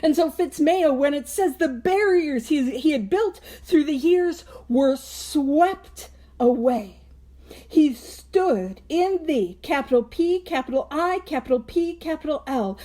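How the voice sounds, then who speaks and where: High-voiced woman teaching with earnest emphasis. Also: lively intonation, slow pace, mellow. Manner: earnest, emphatic, chuckling between phrases. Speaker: host of a recovery book study. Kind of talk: casual spoken teaching.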